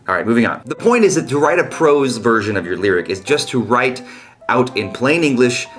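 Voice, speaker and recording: A man's voice: medium pitch, very animated, a little fast, fairly bright tone, soft background music. Wisecracking man teaching lyric writing. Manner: wry, jokey asides between explanations. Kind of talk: comedic video lesson.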